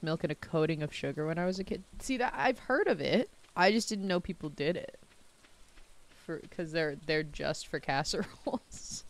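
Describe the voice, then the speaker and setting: A young woman from the Southern United States streams a game and rambles casually, with plenty of fillers and self-mocking asides. Her voice is low-pitched, and there is slight background noise.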